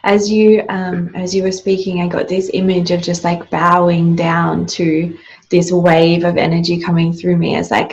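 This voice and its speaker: A woman's voice: on the low side, steady tone, normal speed, darkish tone, lo-fi sound. A woman hosting a podcast, speaking in a reflective, casual way with frequent "like" fillers. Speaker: podcast host. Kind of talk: casual spiritual conversation.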